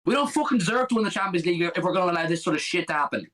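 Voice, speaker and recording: A man's voice: high-pitched, lively intonation, rapid-fire, a bit bright, low-quality recording. Furious young man ranting with heavy swearing. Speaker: fan co-host of a football watch-along. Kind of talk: live watch-along reaction.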